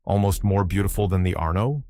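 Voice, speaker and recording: A man's voice: sits low, a little fast, dark tone, no room sound, studio quality, lightly acted. A man voicing a bold young woman who teases and needles in an arch, playful way. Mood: teasing. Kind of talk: audiobook character reading.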